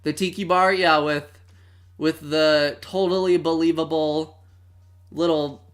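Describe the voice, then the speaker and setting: Taking it slowly with a steady tone, this medium-pitched streamer in their twenties hosts a movie watch-along. The talk is casual livestream chat, dramatic and mock-outraged.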